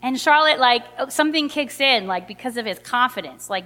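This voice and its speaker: Middle-aged woman, chatty storyteller, high voice, long hall reverb. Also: a little fast. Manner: animated, chatty, many fillers. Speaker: mother telling a personal story. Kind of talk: personal storytelling.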